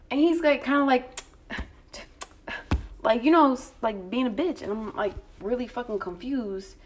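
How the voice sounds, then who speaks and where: Young woman telling a story, swears a lot, blunt, acts out the back and forth, mid pitched voice. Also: brisk, slight background noise. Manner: blunt, profane, animated, acts out the exchanges with lots of fillers. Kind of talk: casual storytelling chat.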